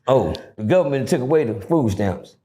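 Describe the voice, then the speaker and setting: A middle-aged man telling a story casually, profane and animated, acting out the dialogue. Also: medium pitch, moderate pace, a little hiss or hum. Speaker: guest storyteller.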